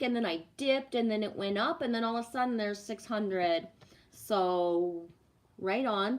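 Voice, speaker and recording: A woman reading cards on a live stream, chatting casually, swearing freely and answering viewer comments. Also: fairly high pitch. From Canada. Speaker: livestream card reader.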